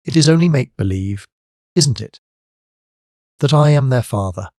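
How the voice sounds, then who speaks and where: A man's voice: medium pitch, animated, moderate pace, a little mellow, dry recording, clean studio sound, voice pushed up, natural voice. A man reading the part of a carefree boy who turns frank and a little anxious, in an audiobook. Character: boyish lad, carefree, puzzled and anxious.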